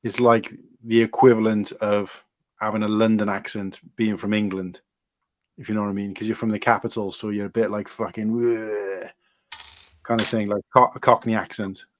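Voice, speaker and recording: A man's voice: fairly low pitch, level tone, fairly quick. A Welsh man with a mixed accent from around Barry, co-hosting a casual chat in sweary, rambling banter. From Wales.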